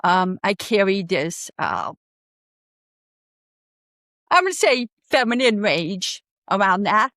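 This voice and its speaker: A woman's voice: mid-range voice, sing-song, slow, long pauses, a bit bright, no echo, clean studio sound. A woman guest in a casual interview, speaking earnestly and candidly and laughing easily. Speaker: podcast guest, forest bathing guide.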